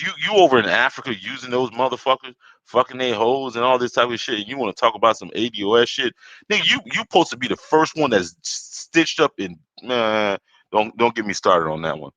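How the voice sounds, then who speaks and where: A man's voice: lowish voice, bright, forceful tone, dry recording. Heated, swearing Caribbean-born podcast man. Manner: heated, swearing, rambling with repeats. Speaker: podcast host. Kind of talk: profane solo rant. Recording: dull lo-fi dry recording.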